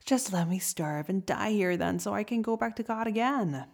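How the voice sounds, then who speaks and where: A woman's voice: mid-range voice, expressive, moderate pace, vocal fry, darkish tone, pitched above the performer's own voice. A woman doing a despairing grumpy lobster. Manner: exasperated, whiny outbursts. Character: grumpy male lobster, despairing, reborn scorpion.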